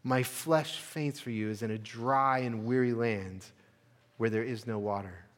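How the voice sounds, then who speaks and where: A male pastor from the United States delivers a sermon with earnest conviction, rising to emphatic peaks before falling back to hushed, quiet phrases. His voice sits at an ordinary middle pitch. The sound carries the long reverb of a church sanctuary. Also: a little slow. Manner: earnest preaching, building to emphatic peaks and dropping soft.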